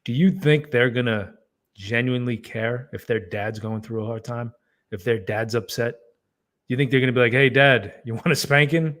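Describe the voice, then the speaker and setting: A man's voice: mid-range voice, steady tone, normal speed. A man co-hosting a podcast in casual chat, emphatic and playing out sarcastic examples. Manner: emphatic, sarcastic role-play. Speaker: podcast co-host.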